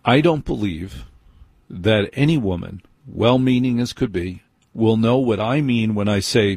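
A middle-aged man from New Jersey delivers a wry, grumbling late-night radio monologue. His voice is husky, and the studio sound is dry and close. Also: on the low side, a little slow, a little mellow, no echo. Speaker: radio host.

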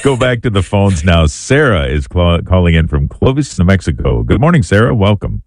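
A man hosting a call-in radio show, relaxed and chuckling as he takes a caller. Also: sits low, normal speed, dry recording, clean studio sound. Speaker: radio host.

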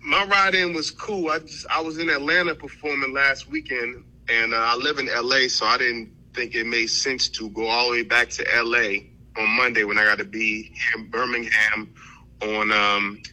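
Man calling in, very bright tone, easygoing, comes through a phone line on the radio. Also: mid-range voice, normal speed. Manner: relaxed, easygoing talk. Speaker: guest comedian. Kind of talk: phone interview.

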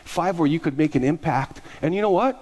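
A male pastor preaching to his congregation in a lively storytelling sermon. His voice sits a little higher than most men's, and he slips in and out of voices for the people in his anecdotes, stumbling over repeated words as he builds up. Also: a little fast. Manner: animated storyteller, acts out voices, stammers and repeats.

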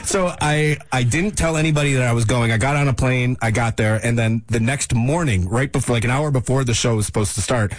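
A man's voice: medium pitch, a little fast, few pauses. A man co-hosting a casual chat, telling laid-back stories. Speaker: co-host.

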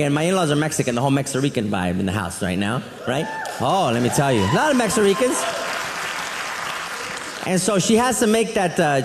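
A man doing a stand-up comedy set on a club stage, telling family stories in an animated way and acting out relatives in quick voices. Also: high voice, background noise. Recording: roomy live venue with reverb. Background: audience laughter.

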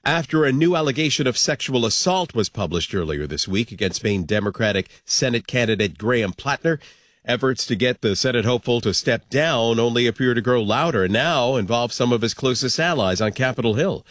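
A man anchoring a network radio newscast with a crisp, measured delivery. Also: medium pitch, animated, fairly bright tone, no echo, studio quality. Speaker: news anchor.

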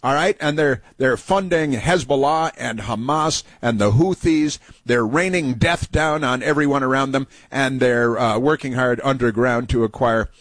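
Introducing audio clips on his talk radio program, the male host rambles with lots of fillers in an indignant, sarcastic commentary. He talks at a moderate pace with few pauses in a medium-pitched voice, captured in a dry recording.

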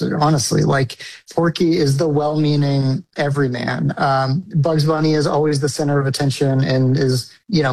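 A man's voice: on the high side, a little mellow, rough recording. A man, a film director, answering an interview casually and with enthusiasm, using filler words often.

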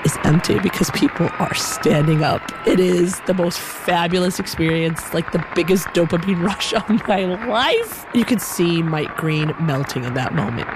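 A woman telling a personal story in an animated, reflective way, with many "like" fillers. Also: fairly low pitch, normal speed, hardly any pauses, noisy background. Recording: music playing behind.

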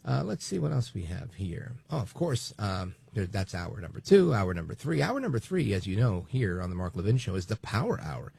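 Fill-in talk radio host, man, late forties, gravelly husky voice, animated pitch, dry studio sound. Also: normal speed, few pauses, no room sound. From New Jersey, USA. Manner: chatty and digressive, lively emphasis. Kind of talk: political talk radio monologue.

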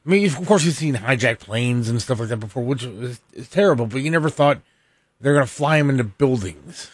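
Middle pitched guy on a talk show, firm about his opinions, dry mic. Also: a little fast, no room sound. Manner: emphatic, states opinions flatly. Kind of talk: casual talk show chat.

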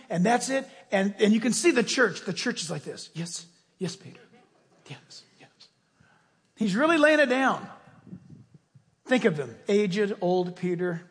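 A man's voice: extremely high pitch, fairly bright tone. A male preacher giving an emphatic, folksy sermon, asking his listeners questions, heard in the long reverb of a large hall.

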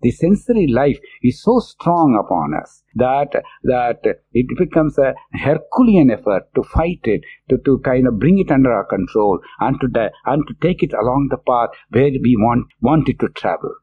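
A man's voice: medium pitch, animated, slightly rough. Earnest male lecturer on a tinny line. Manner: earnest, repetitive, quotes verses in a quick chant. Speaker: religious lecturer. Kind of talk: devotional discourse explaining Tamil verses.

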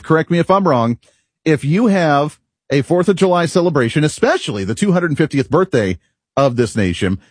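A man's voice: a little high, slightly rough, dry recording. A man hosting a political talk radio show in the studio, speaking in an opinionated, brash and jokey way. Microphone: studio microphone.

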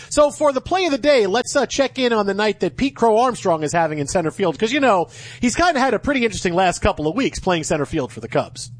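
An excitable man hosting sports talk radio with a high, lively voice. He jokes with his co-host and bursts into loud cheers. His talk is quick and full of casual fillers. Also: dry recording.

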